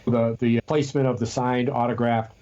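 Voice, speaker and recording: A man co-hosts a podcast in casual conversation, rambling, telling stories and restarting often. His mid-range voice is level and mellow at a moderate pace, and the sound is lo-fi.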